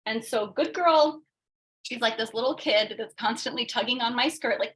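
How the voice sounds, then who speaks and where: Animated woman leading a coaching workshop. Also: a little high, normal speed, poor audio. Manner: animated, acts out quoted voices, frequent tag questions. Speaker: workshop presenter. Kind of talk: interactive coaching workshop talk.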